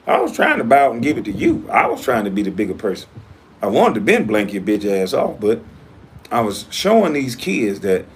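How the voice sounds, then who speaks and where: A man's voice: mid-range voice, huge pitch swings, brisk, a little hiss or hum. A man hosting his own livestream, talking in a casual, blunt and profane way as he confronts a critic. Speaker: livestream host.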